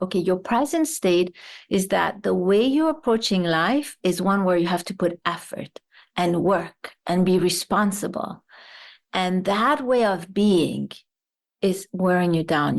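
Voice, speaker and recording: A woman psychologist, with a voice on the lower side, guests on an interview show and explains her ideas through worked examples and rhetorical questions.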